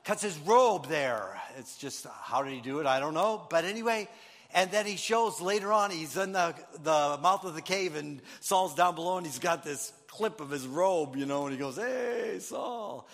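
A man preaching a conversational sermon, telling stories with animated asides and frank self-deprecating remarks. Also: a little high, moderate pace, in a large hall. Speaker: pastor.

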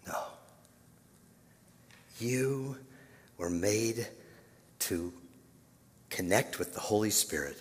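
A male pastor telling a story in a sermon, dropping to a hush and then building to loud, dramatic peaks. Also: lowish voice, slow, long pauses. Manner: dramatic, swinging from hushed to loud. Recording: long reverb of a large hall.

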